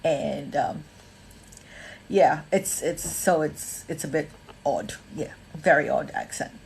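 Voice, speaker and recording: A Malaysian woman with a mixed accent, mostly American with a touch of Australian, hosts a casual livestream, rambling with lots of ums and greeting viewers by name. Her voice is low, slow and creaky, and the audio is poor with slight background noise.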